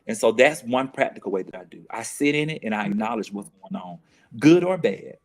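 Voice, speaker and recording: Speaking briskly and with animation, this man has a medium-pitched voice. As a guest in a thoughtful, sincere discussion, he often starts over and repeats himself while sorting out his ideas.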